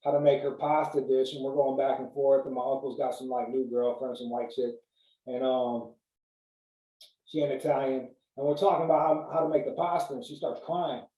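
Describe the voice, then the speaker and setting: A man in casual podcast chat, telling stories in a profane, animated way. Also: mid-range voice, a little fast. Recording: roomy sound, mic at a distance.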